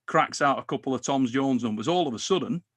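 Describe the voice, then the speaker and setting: A man hosting a casual chat, animated and quick to swear and tease. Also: medium pitch. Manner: animated, swears, teasing banter. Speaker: podcast host.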